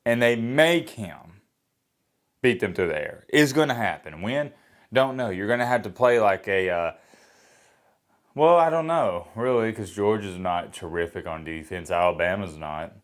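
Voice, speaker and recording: Reacting to a college football game, this man gives a loose, opinionated rant, blunt and quick to mock himself, frequently wandering and starting his sentences over. He sounds fairly low and expressive, in no hurry.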